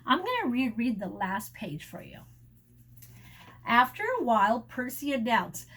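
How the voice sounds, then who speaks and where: An animated woman teacher reads a picture book aloud to children and stops to explain words along the way. Her high voice swings widely, and she takes an unhurried pace with a soft, breathy grain. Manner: animated, sound effects and asides.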